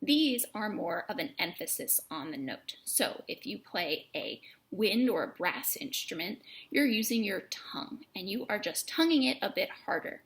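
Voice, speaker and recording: A woman teaching a music lesson, explaining note markings in a clear, encouraging way with emphasis on key words. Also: medium pitch, big pitch swings, normal speed. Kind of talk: instructional lesson.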